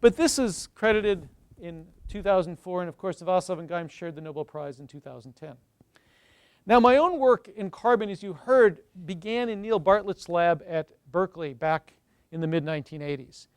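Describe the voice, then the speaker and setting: Man, middle-aged, chemistry professor, high voice, smooth and clear, dry close sound, lively lecturing tone. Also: moderate pace, no echo. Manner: enthusiastic, storytelling, addresses the audience directly. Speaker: chemistry professor giving a seminar. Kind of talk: university lecture. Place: lecture room.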